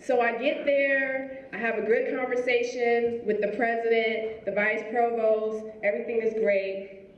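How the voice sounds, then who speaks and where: Woman, motivational speaker, lively storyteller, higher voice, echoey auditorium heard from far off. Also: a little slow, dull audio. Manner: lively storytelling, acts out quoted people. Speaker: school principal giving a speech. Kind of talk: motivational speech. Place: school auditorium.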